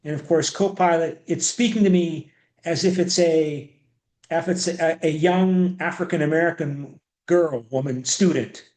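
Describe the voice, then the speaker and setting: A man's voice: on the high side, unhurried, darkish tone. A man giving an online history lecture, rambling with frequent restarts and repeated words. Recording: echoey room.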